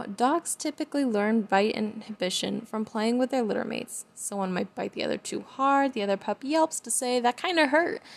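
A woman's voice: mid-range voice, creaky, darkish tone. A young woman, a dog trainer, hosting a casual educational vlog in a chatty, emphatic way. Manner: chatty and emphatic, laughs mid-sentence.

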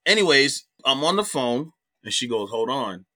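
A middle-aged man, a comedian guest, telling a personal story in animated, profane casual talk. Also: mid-range voice, normal speed.

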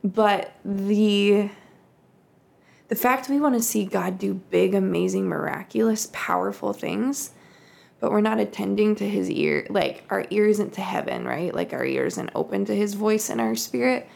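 Creaky-voiced woman sharing a faith story. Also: mid-range voice, measured pace, darkish tone. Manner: reflective storytelling, acts out quoted voices. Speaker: podcast co-host. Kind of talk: casual faith conversation.

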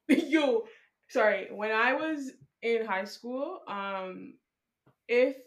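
A young woman, ranting loudly and profanely in casual chat with friends about her school days. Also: a little high, very slow. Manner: loud, profane, emphatic ranting. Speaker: podcast co-host.

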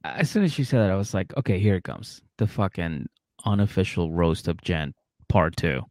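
A blunt, teasing male podcast co-host whose low voice carries a gravelly rasp. His pitch swings in a lively way as he jokes. The sound is dry and close, with no room echo. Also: moderate pace. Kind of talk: casual banter.

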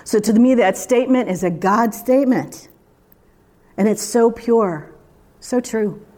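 A woman's voice: a little high, unhurried, warm tone. A woman preaching a sermon in a conversational, emphatic way, full of rhetorical questions.

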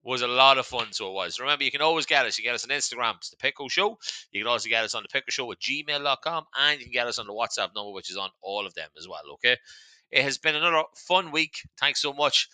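A man's voice: medium pitch, animated, quick pace, pushed and bright, clear, resonant tone, no room sound, low-quality recording. A man with an Irish accent hosting a podcast in casual chat, chatty and swearing freely while he keeps turning to his listeners. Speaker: podcast host.

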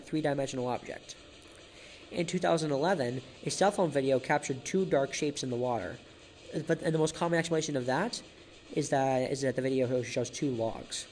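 A man's voice: mid-range voice, darkish tone. A man hosting a solo podcast episode, narrating facts in a casual way. He stumbles often, restarts his sentences and repeats words. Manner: chuckles at his own jokes.

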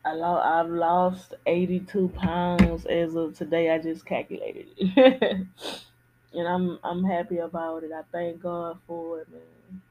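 A woman's voice: on the low side, little pitch movement, a little slow, muffled recording, slight background noise. A woman hosting a podcast, talking candidly in a casual personal monologue and repeating phrases for emphasis. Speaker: podcast host.

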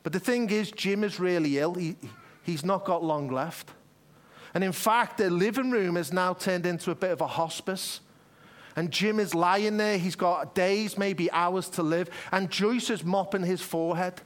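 A man's voice: sits high, normal speed. A man preaching a sermon in an earnest, conversational way, often restarting his phrases.

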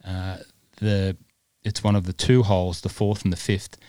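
A man's voice: low voice, level tone, normal speed, dark tone, no room sound, clean studio sound. A man co-hosting a podcast in casual chat, rambling along with plenty of fillers. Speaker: podcast co-host.

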